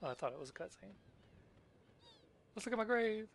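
A man's voice: high voice, lively intonation, fairly quick, gravelly. A man hosting a let's play, chatting casually and joking as he comments on the game. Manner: joking, chatty, reads game text aloud.

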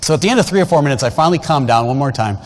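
A man's voice: medium pitch, lively intonation, rapid-fire. A man in his fifties preaching a storytelling sermon, folksy and conversational, with frequent asides to the congregation. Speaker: guest preacher. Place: large church sanctuary. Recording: long church hall reverb.

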